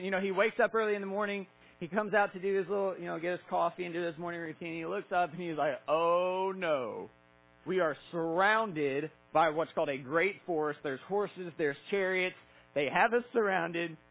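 A man's voice: high-pitched, fairly bright tone, rough recording. A man in his thirties preaching a sermon, casual and conversational, acting out Bible stories with filler words. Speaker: pastor.

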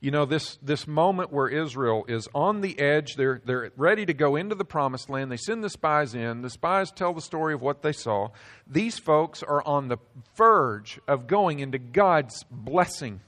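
A male pastor delivering a sermon in a fairly high voice. He preaches emphatically, rising for stress and then slowing and sinking low on the words he wants to land. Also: lively intonation, fairly bright tone.

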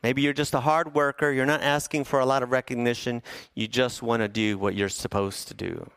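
A man's voice: mid-range voice, fairly even intonation, brisk, gravelly, fairly bright tone, clear, resonant tone, no echo. A man in his thirties preaching a sermon as pastor, humorous and conversational, who asks the congregation questions.

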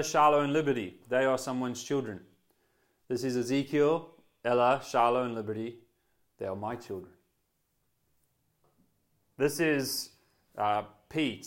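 Earnest male pastor preaching. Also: mid-range voice. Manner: earnest, conversational preaching with restarts; voice swells then drops to quiet emphasis. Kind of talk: sermon.

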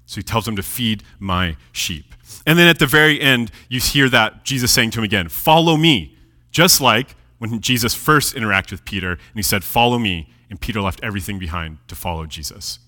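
Lively preacher in a reverberant hall. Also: male voice, lowish voice, fairly quick. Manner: lively, animated preaching with dramatic drops in volume. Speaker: pastor. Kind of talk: sermon with scripture reading.

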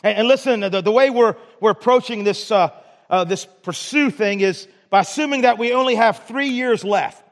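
A man's voice: sits high, moderate pace. A man preaching a sermon as pastor in a church, earnest, often restarting his phrases and asking "right?". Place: church sanctuary. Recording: long hall reverb of a church.

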